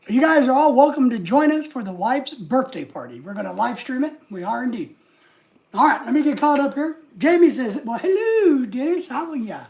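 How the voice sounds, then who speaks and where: A woman's voice: high-pitched, sing-song, a little fast, darkish tone. A woman hosting a casual live stream, rambling and reading viewer comments aloud.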